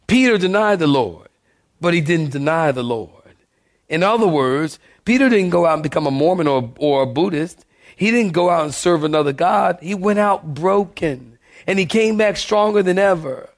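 Higher-voiced pastor preaching with jokes. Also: male voice, normal speed. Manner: animated, joking preacher who calls out to the congregation. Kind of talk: sermon.

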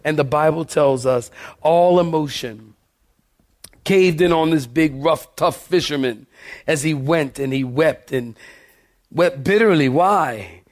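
A man preaching a sermon as pastor, animated and joking, calling out to the congregation. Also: a little high, slow pace.

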